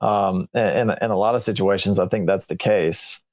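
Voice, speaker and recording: A man, a veterinarian guest on a radio show, explaining conditions in a relaxed, plain way. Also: sits low, moderate pace, dry recording. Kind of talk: casual explanatory chat.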